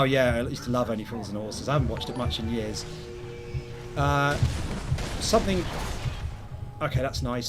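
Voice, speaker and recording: A chatty man in his younger years talks through a game stream, rambling and poking fun at himself. His voice sits a little high for a man, with soft music running behind him. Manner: chatty, rambling, self-deprecating. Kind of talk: casual gameplay commentary.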